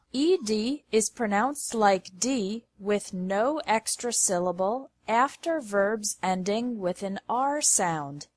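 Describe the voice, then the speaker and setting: Very slow woman reading word lists. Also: medium pitch. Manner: reads word lists one by one with careful pauses. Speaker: pronunciation teacher. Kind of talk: slow scripted pronunciation lesson.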